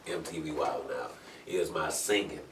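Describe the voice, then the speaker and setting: A man's voice: a bass voice, normal speed, fairly bright tone, a little hiss or hum. A man, a guest comedian, talking in a laid-back, drawling, colloquial way in casual podcast chat. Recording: roomy, distant mic.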